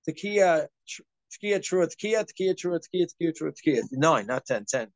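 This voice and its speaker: A man gives an informal Torah class, talking quickly and animatedly. His voice sits on the higher side and is recorded close and dry. He slips into acted asides to make his points. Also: expressive, no echo. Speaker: rabbi giving a class.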